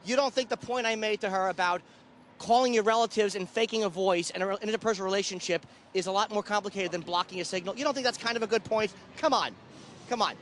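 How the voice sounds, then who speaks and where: A man's voice: high voice, quick pace, a bit bright, a little hiss or hum. A man hosting a show, arguing outdoors on a city street in a mocking, taunting way. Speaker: radio host. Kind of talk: heated street argument.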